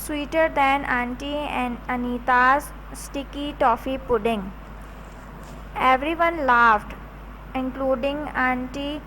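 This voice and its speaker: A woman's voice: sits high, a bit bright, slight background noise, rough recording. A woman teacher reading a story aloud to her class and spelling out words letter by letter.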